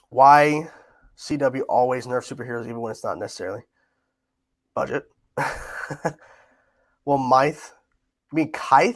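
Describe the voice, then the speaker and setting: A man hosting a casual livestream, reading out viewer questions and answering in a chatty, repetitive way with frequent laughs. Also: mid-range voice. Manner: chatty, laughs often, repeats himself. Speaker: livestream host.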